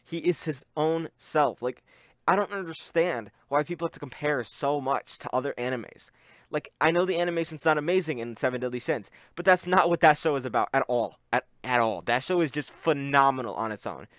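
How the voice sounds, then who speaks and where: A young man reacting to an anime scene, talking in an excited, rambling way with a slightly muffled voice. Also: on the high side, brisk, no echo, studio quality. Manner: excitable, rambling with many "like" fillers. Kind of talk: casual reaction commentary.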